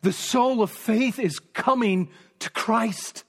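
A man preaching a sermon, emphatic and repetitive, sometimes dropping to a hush for stress. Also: extremely high pitch, slow, slightly rough. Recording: long reverb of a large hall.

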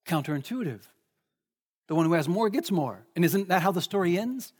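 A man's voice: high-pitched, animated, a little fast, darkish tone. A man preaching a sermon in a conversational way, often asking the listeners questions. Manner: conversational, asks the congregation questions.

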